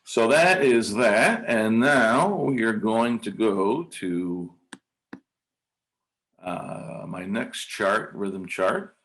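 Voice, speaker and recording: A man's voice: lowish voice, very slow, fairly bright tone. A male music teacher leading a workshop, chanting rhythm syllables and counting beats aloud, with frequent ums and uhs. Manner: hesitant, many ums and uhs. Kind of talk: conference workshop demonstration.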